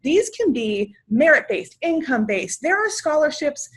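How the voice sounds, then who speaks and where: With a high, very animated voice at normal speed, a woman from Washington state leads a webinar on financial aid as an outreach presenter. She sounds enthusiastic and upbeat, chatting freely and using filler words.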